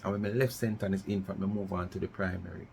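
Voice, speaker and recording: A man's voice: low voice, level tone, fast talker, creaky, darkish tone, a little hiss or hum. A middle-aged Jamaican man from West Kingston ranting in commentary, challenging listeners with repeated rhetorical questions and slipping into patois. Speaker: vlogger.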